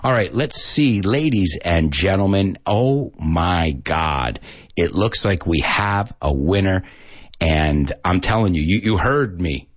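A man hosting a casual live English lesson, joking and laughing often at himself and spelling out letters slowly. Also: deep voice, lively intonation, dry recording, clean studio sound. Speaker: live-stream host teaching English.

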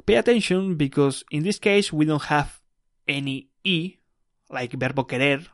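A man whose first language is Spanish, teaching a beginner lesson on his podcast, slow and patient, repeating each word for the listener. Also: medium pitch, dry recording, clean studio sound.

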